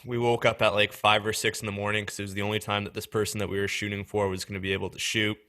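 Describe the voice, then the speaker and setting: A man's voice: lowish voice, little pitch movement, rapid-fire, sharp tone. A young man with a Canadian accent hosting a podcast, chatting casually and adding backstory. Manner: chatty, adds backstory with fillers. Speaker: podcast host.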